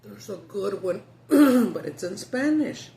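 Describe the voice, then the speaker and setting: Gravelly, chatty woman vlogger. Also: mid-range voice, very animated, a little slow, mellow, a little hiss or hum. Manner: chatty, swears freely, laughs often. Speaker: mukbang vlogger. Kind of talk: casual chat.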